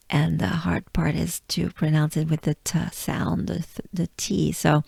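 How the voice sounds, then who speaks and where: French lady teacher drilling sounds over and over, low-ish mellow voice, super slow. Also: steady tone, creaky, breathy edge, dry recording, clean studio sound. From France. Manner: slow, patient, repeats sounds for the listener to copy. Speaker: pronunciation teacher. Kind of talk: pronunciation lesson with repetition drills.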